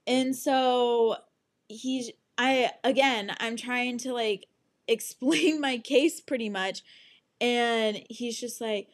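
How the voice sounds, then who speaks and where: A young woman recounts a story at an unhurried pace, her voice sitting a little high. She sounds exasperated and swears freely, slipping into the voices of the people she quotes. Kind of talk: casual storytime monologue.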